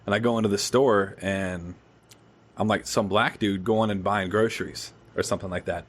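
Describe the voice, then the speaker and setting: Swearing plenty as he tells an animated story, this young adult podcast host keeps the chat casual. He has a lowish voice and talks at a normal speed.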